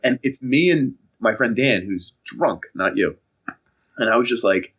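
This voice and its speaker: A lively, husky-voiced young man spins funny stories in a casual podcast chat. His pitch is low but swings a lot as he acts out other people's voices. The audio sounds a bit dull and lo-fi. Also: measured pace. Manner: animated, acts out voices in anecdotes, laughs often. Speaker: podcast co-host.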